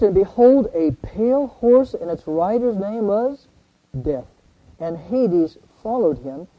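Older guy teaching bible class, kinda high voice, asks the room stuff then answers it, dry muffled sound. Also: no room sound. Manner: folksy, asks the class questions and answers himself; reads scripture aloud slowly and emphatically. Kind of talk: conversational Bible study teaching.

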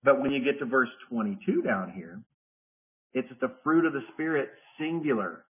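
A man teaching a Bible study to a group in a casual, conversational way, circling back and repeating phrases as he explains. His voice sits at an ordinary middle pitch. The audio is narrow and phone-like. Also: expressive, moderate pace. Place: church study group, partly remote.

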